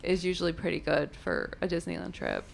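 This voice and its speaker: A woman's voice: on the low side, wildly swooping pitch, a little fast, vocal fry. A woman co-hosting a podcast, chatty and sharing personal stories. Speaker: podcast co-host. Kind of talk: casual podcast chat.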